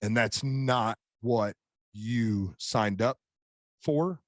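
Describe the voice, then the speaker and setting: A man's voice: medium pitch, drawn-out words, no echo, clean studio sound. A middle-aged man, a podcast guest, tells a personal story earnestly in casual chat, often restarting his sentences. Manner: earnest storytelling with many repeated starts. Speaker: podcast guest, author and coach.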